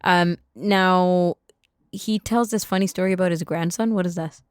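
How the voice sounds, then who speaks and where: A woman's voice: on the low side, steady tone, moderate pace, smooth, no echo, studio quality. A woman co-hosting a podcast, asking curious questions with enthusiasm in casual chat. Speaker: podcast co-host.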